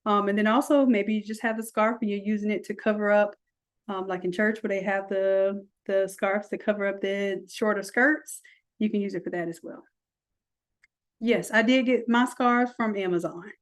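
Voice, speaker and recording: A woman walking through a software design tutorial, chatty, with folksy asides. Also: medium pitch, fairly even intonation, moderate pace. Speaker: design instructor. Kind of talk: screen-recorded software tutorial.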